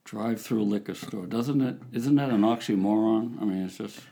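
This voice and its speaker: An older man chatting as a podcast guest, blunt and animated when he tells a story. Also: fairly low pitch, moderate pace, gravelly, slightly rough. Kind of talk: casual chat.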